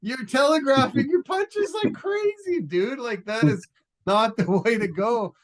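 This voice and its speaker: A man co-hosting a sports podcast in casual chat, animated and laughing, mimicking fighters as he talks. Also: very high voice, unhurried, crowd noise.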